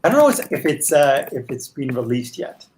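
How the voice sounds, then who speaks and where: A man, the creator of a TV series, explaining his choices as a guest in a casual online chat, speaking thoughtfully and haltingly. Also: medium pitch, big pitch swings, darkish tone, a little hiss or hum. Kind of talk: casual video-chat commentary.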